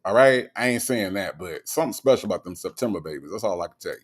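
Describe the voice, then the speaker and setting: A man's voice: lowish voice, lively intonation, fast talker. A man hosting a casual livestream, reading viewer comments aloud in a laid-back, playful way. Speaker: livestream host reading chat. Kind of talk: casual chat.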